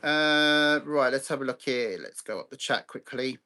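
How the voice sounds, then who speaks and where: A man's voice: mid-range voice, normal speed, sharp tone. A man hosting a live chat stream. He talks bluntly, swears freely and greets viewers by name. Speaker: livestream host.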